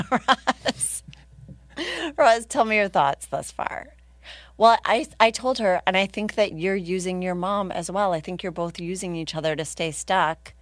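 A woman in her thirties, a comedian guest telling a story in casual chat, lively, laughing and self-mocking. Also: fairly low pitch, a little slow, no echo.

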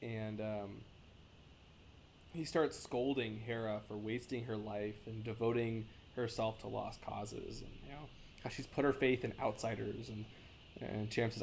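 Man, podcast co-host, eager and halting, dull lo-fi audio with a faint hiss. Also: fairly low pitch, fairly even intonation, gravelly. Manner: enthusiastic, halting with many restarts. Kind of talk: casual chat. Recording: dull lo-fi sound with faint noise.

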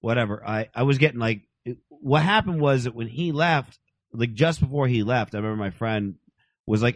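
A man's voice: medium pitch, animated, a little fast, no room sound. A man in his thirties telling a rambling, crude, self-mocking story in casual chat. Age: 30s.

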